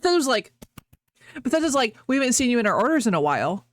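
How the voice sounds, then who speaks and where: A woman's voice: on the high side, sing-song, fast, no room sound. A woman streamer chatting casually with her viewers, rambling, laughing often and breaking off mid-sentence.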